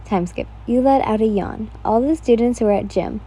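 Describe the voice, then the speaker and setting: A woman's voice: fairly high pitch, normal speed, mellow, breathy edge. A woman casually reading a listener-insert fan fiction story aloud, stumbling and restarting now and then. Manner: reads casually, with slips and restarts.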